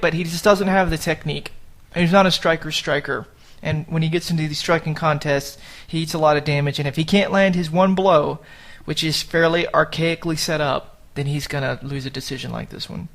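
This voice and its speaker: A man's voice: fairly high pitch, fairly quick, hardly any pauses, fairly bright tone. A man hosting a podcast, chatting casually and joking, with the odd swear word. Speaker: podcast host. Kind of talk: casual chat.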